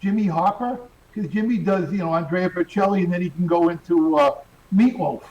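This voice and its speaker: A man's voice: sits high, darkish tone, muffled recording. A man co-hosting a casual live stream, throwing in wisecracks. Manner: wisecracking, quick interjections.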